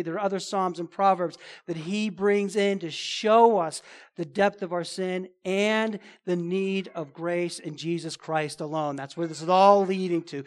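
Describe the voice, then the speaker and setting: A male pastor with a high-pitched voice gives an expository sermon, emphatic yet conversational, repeating phrases for emphasis.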